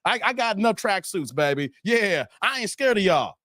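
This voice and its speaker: A man's voice: sits high, sing-song, normal speed, sharp tone, dry recording, clean studio sound. A man hosting a live stream, joking and laughing while reading chat aloud. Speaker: livestream host.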